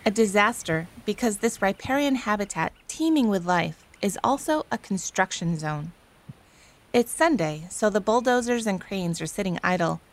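A woman radio reporter narrating a news feature in a calm, measured, descriptive way. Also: medium pitch. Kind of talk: scripted news narration and field interview.

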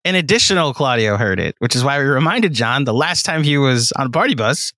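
A man co-hosting a podcast in playful, teasing banter. His voice is bright and forceful, and his pitch moves a lot. The sound is dry and close. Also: very animated, brisk, no room sound. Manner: teasing, joking. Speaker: podcast co-host.

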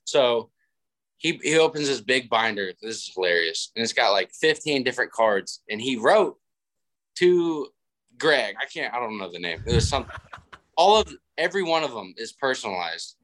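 A young man in his twenties chats easily as a podcast guest, with a middle-pitched voice. He tells stories in a relaxed, laid-back way and jumps higher when he quotes other people. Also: moderate pace. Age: 20s. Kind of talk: casual podcast chat.

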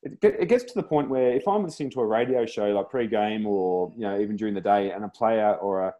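A man co-hosting a podcast, talking in a thoughtful way with many pauses and fillers. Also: on the low side, warm tone, dull audio. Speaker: podcast co-host. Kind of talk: casual panel chat.

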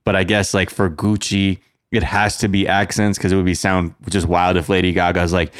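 A man's voice: sits low, flat delivery, moderate pace, few pauses, dry recording, studio quality. A man hosting a podcast in a casual, joking chat, full of filler words. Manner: laid-back, joking, with lots of filler words. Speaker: podcast host.

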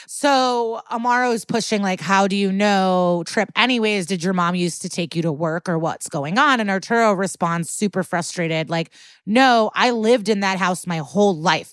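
A woman's voice: lowish voice, fairly bright tone, dry recording. A woman co-hosting a podcast, casually recapping an episode in a chatty, profane way. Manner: chatty, profane, acts out quotes. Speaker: podcast co-host.

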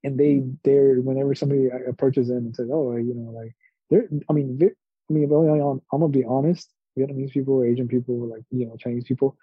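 A man's voice: medium pitch, fairly quick, slightly rough, no room sound. Rambling man on a dull lo-fi mic. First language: Spanish. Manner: rambling, animated storytelling with quoted voices and laughs. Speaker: podcast co-host. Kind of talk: casual chat.

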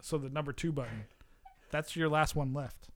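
A man's voice: fairly high pitch, normal speed. Muttering man busy at his computer. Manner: often mutters quietly while busy on the computer, swears. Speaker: co-host of a charity livestream. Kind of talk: casual chat.

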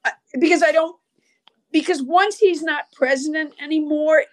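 A woman's voice: sits high, steady tone, normal speed. An older woman hosting a podcast, chatting in a wry, rambling, self-deprecating way. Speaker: podcast host. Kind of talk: casual chat.

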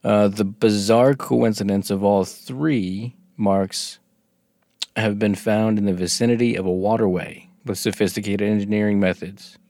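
A man with a fairly low voice talks through a casual podcast. He reads from notes in a halting way, keeps restarting his sentences and throws in jokes. His voice is close and dry. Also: steady tone, dark tone, no echo. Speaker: podcast co-host. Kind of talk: casual conversational podcast chat.

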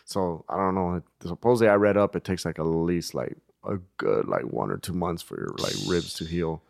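A man's voice: low-pitched, animated, normal speed, creaky, no room sound, clean studio sound. A young man, a podcast co-host, telling stories in a laid-back, slangy way. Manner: laid-back storytelling, slangy, acts out quoted voices. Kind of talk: casual chat.

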